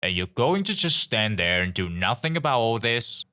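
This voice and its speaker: A man voicing an aggressive man who shouts and swears at a stranger. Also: mid-range voice, big pitch swings, moderate pace. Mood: angry. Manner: shouting insults.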